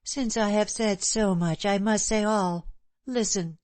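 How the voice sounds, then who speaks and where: A woman's voice: mid-range voice, a little slow, darkish tone, dry recording, voice pushed up, lightly acted. A woman voicing a scheming, possessive young woman in love, speaking intensely in an audiobook reading. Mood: pressing.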